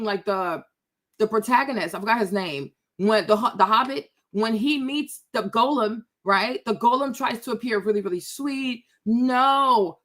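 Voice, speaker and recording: A woman with a fairly high-pitched, fairly bright voice hosts her own show, ranting in casual commentary. She's emphatic and repetitive, keeps asking "right?", and checks in with viewers often, addressing them by name.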